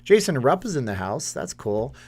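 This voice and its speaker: A man's voice: mid-range voice, very animated, normal speed, darkish tone, husky. Rambling man in his thirties. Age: 30s. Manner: rambling, reads chat comments aloud. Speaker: live stream host. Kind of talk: casual live stream chat.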